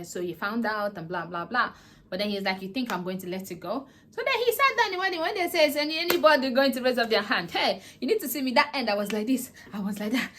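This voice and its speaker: A woman's voice: mid-range voice, a bit bright, slight background noise. A woman vlogger casually recapping a drama series, animatedly acting out the characters' lines. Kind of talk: casual chatty plot recap.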